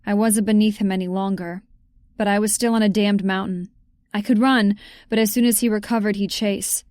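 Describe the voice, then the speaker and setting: A woman's voice: medium pitch, fairly even intonation, normal speed, darkish tone, dry recording, studio quality. A woman reading a first-person romance audiobook in a tense, urgent way. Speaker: audiobook narrator.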